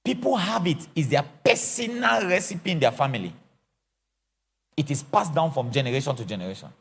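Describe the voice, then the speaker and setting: A man's voice: a little high, brisk, vocal fry, husky. A middle-aged man from Africa, an apostle teaching a church session in a theatrical, joking way. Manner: animated, theatrical, acts out scenes and jokes. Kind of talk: lively teaching sermon.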